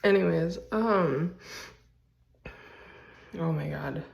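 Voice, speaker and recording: Low-voiced woman vlogging from home. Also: drawn-out words, gravelly, reverberant. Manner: rambling, chatty, filler-heavy. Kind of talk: casual chat. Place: basement and rooms of a house, indoors. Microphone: handheld phone.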